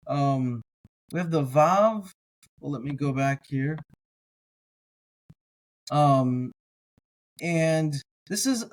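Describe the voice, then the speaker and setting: A man teaching a slow word-by-word reading lesson, sounding out each syllable carefully and adding casual asides. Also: fairly high pitch, poor audio. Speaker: biblical language teacher.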